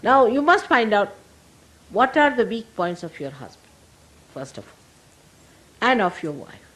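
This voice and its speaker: An older woman with an Indian accent, a spiritual teacher giving a gentle, humorous sermon to her followers. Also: medium pitch, big pitch swings, unhurried, poor audio. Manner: gentle, humorous, laughing as she talks.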